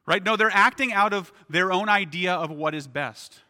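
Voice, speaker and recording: A man's voice: high-pitched, normal speed, bright, forceful tone, big-room sound. A man preaching a sermon as pastor, in a conversational way, often asking "right?".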